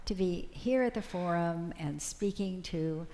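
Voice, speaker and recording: An older American woman recounts a personal memory to a panel audience. Her voice sits low and has a gravelly fry. She halts often and repeats words as she goes. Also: mellow. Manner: halting, repeats words when moved.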